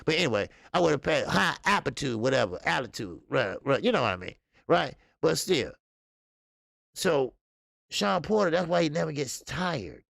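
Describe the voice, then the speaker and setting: Host type: man in his 50s, high gravelly voice, loose rambling boxing chat, dry close sound. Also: animated, brisk, a bit bright, no echo. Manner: loose and chatty, greets viewers, rambling asides. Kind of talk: casual live-stream boxing talk.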